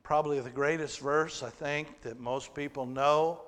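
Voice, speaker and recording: Slow, high-voiced preacher in an echoing hall. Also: male voice, fairly even intonation, fairly bright tone. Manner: teaching with humor and audience questions. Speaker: pastor. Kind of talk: sermon. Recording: long hall reverb.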